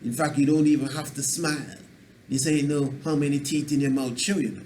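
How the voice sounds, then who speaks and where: A man's voice: medium pitch, fairly even intonation, brisk, a little mellow, a little hiss or hum. A man giving a radio self-help talk as a spiritual teacher, rambling and preachy, acting out little scenes in dialect.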